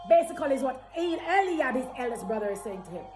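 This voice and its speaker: A woman's voice: high voice, very animated, fast, darkish tone. A woman preacher delivering an emphatic sermon, repeating phrases and calling her listeners children. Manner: emphatic, repetitive exhortation addressing listeners as children. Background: background music.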